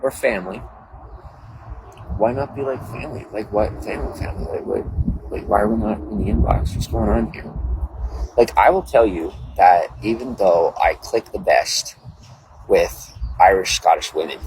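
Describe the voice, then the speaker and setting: A man's voice: lowish voice, moderate pace, noisy background. A man hosting a casual livestream, rambling chattily and greeting viewers by name. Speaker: livestream host. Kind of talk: casual live-stream chat.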